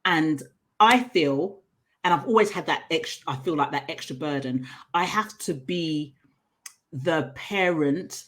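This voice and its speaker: A middle-aged woman, a coach and trainer, telling personal stories in an interview in an earnest, animated way. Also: sits low, slow. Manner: earnest, animated storytelling with laughs.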